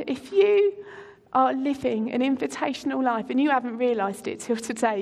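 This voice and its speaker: A woman's voice: high voice, a little mellow, long reverb tail. A middle-aged woman preaching a sermon, telling a personal story in a conversational way with frequent ums. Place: church hall.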